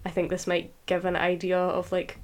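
A woman's voice: fairly low pitch, monotone, moderate pace. A Scottish woman co-hosting a podcast, chatting casually with lots of fillers. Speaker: podcast co-host.

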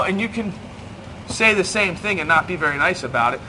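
Bright-voiced joking male preacher. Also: sits high, animated, brisk, a little hiss or hum. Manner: joking, chatty, self-deprecating. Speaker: pastor. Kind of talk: sermon. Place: church hall.

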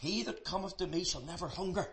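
A man preaching an evangelistic sermon, emphatic and repeating words as he builds, swinging between loud and soft passages. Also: sits high, fast talker, rough recording. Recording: loud background noise.

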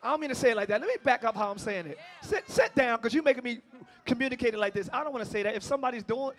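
A male pastor preaching a passionate sermon, swinging between shouting and hushed tones and talking straight to the congregation. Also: very high voice, very fast. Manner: talks directly to the congregation, calling them y'all.

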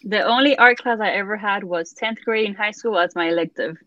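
A woman's voice: mid-range voice, brisk, pushed and bright, no room sound. A woman guest on a podcast, an artist chatting casually and laughing easily. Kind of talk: casual chat. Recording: dry, dull lo-fi sound.

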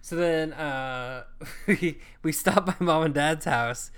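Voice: mid-range voice, slow, a bit bright, smooth. A co-host telling a travel story in casual chat, swearing freely and acting out what people said. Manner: profane, chatty, acts out quoted lines.

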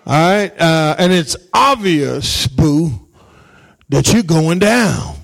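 A man preaching as a pastor, calling out to his congregation and swinging between shouted lines and quiet asides. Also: fairly high pitch, expressive, slow pace, gravelly. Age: adult, married parent. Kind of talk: sermon.

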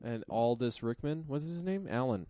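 A man's voice: mid-range voice, animated, normal speed, warm tone, no echo, studio quality. A man co-hosting a podcast in casual comedic chat, rambling, swearing and laughing easily. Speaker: podcast co-host.

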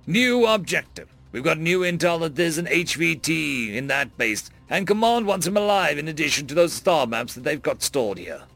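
A man's voice: on the high side, big pitch swings, moderate pace, gravelly, few pauses, a bit bright, soft background music, exaggerated voice. A man voicing a male soldier who leads his squad, speaking in clipped, commanding orders.

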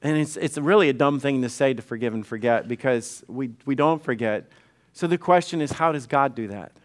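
A man's voice: mid-range voice, fairly quick. A middle-aged male pastor preaching conversationally, often repeating words and acting out quoted dialogue. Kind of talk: sermon.

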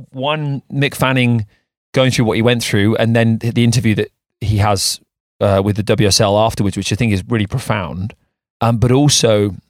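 A man's voice: fairly low pitch, dry recording. Male co-host, casual rambling storyteller, dry close-mic sound. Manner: rambling storyteller with many restarts. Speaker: podcast co-host. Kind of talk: casual chat.

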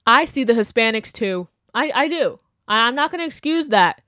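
A woman's voice: fairly high pitch, animated, normal speed, sharp tone, dry recording, clean studio sound. A young woman hosting a podcast, talking bluntly and animatedly in casual opinion chat, mocking the people she quotes. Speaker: podcast host.

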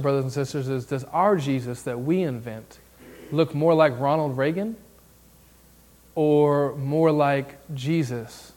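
A man's voice: a little high, darkish tone. A man with a Southern accent preaching a sermon as a candidate for pastor, building his points into emphatic lists.

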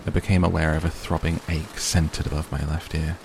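Low gravelly guy reading a novel, steady, rain sounds behind. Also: fairly quick, background noise. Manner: steady, first-person narration. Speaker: audiobook reader.

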